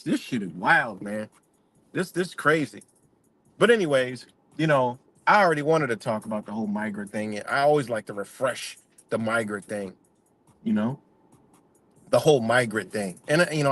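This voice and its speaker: A man's voice: mid-range voice, fairly bright tone. A man hosting a livestream, ranting in a profane, rambling way and repeating himself. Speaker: channel host. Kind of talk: livestream rant.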